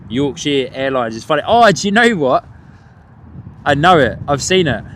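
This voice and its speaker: A man's voice: fairly high pitch, big pitch swings, normal speed, a bit bright. A man hosting a live plane-spotting stream outdoors, chatting with viewers and laughing often. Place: outdoors by an airport on a cold windy morning. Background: wind and outdoor ambience.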